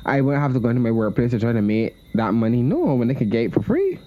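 A woman co-hosting a casual chat, agreeable and quick to laugh. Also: extremely low pitch, sing-song, dull audio. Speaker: podcast co-host.

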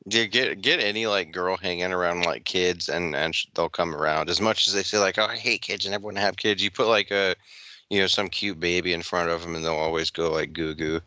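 A man's voice: deep voice, brisk, pushed and bright, poor audio. A young man co-hosting a podcast in casual chat, rambling with lots of filler words. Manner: rambling, heavy filler words, laughs often. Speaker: podcast co-host.

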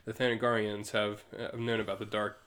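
During a laid-back podcast conversation, this male co-host performs comic book characters in silly, playful voices, laughing frequently. He has a lowish, somewhat bright voice with a level tone and talks a little fast.

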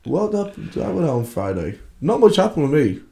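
A man's voice: on the high side, sing-song, moderate pace, creaky, dark tone. A young man co-hosting a podcast, telling a sweary pub story in casual banter. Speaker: podcast co-host. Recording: echoey room.

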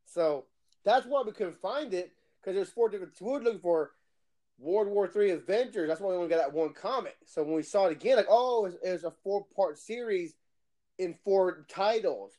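A man's voice: sits high, normal speed, mellow. A man chatting casually, telling laid-back stories and laughing often. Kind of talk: casual chat.

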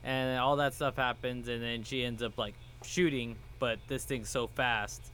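A man's voice: medium pitch, measured pace, a little hiss or hum. Laid-back man explaining a movie scene. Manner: relaxed explaining, trailing off and restarting words. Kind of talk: casual movie recap chat.

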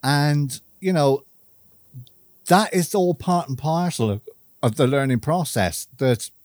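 A man speaking a personal, reflective monologue to camera, earnest and measured, stressing key words through repetition. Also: on the high side, darkish tone, no room sound, clean studio sound.

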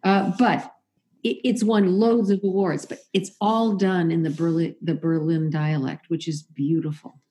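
A woman's voice: lowish voice, little pitch movement, a little slow, dark tone. A woman talking casually as an interview guest, chatty and opinionated, often restarting and correcting herself. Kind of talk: casual conversation.

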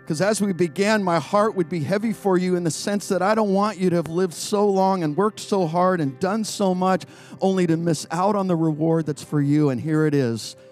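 Male pastor with a high voice, slow, deliberate, exhortative delivery, soft music underneath. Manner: slow, emphatic preaching with drawn-out pauses, urging the congregation. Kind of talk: sermon. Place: outdoor church courtyard.

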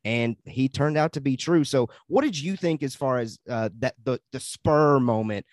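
A man's voice: mid-range voice, no room sound. A man hosting a podcast in casual chat, upbeat and laughing easily as he leads into the next topic. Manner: upbeat, laughs often, quick transitions. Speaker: podcast host.

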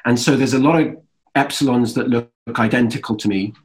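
An English man in his thirties talks in a relaxed, easygoing way as a guest on an interview. His pitch sits in a plain middle range. He pauses and fills his sentences with casual asides. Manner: relaxed, easygoing storytelling with fillers. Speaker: actor, guest.

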